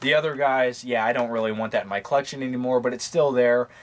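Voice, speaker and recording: A man casually touring his movie collection, talking quickly and offhandedly, cracking crude jokes and losing his train of thought. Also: mid-range voice. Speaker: movie reviewer. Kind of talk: casual rambling collection tour.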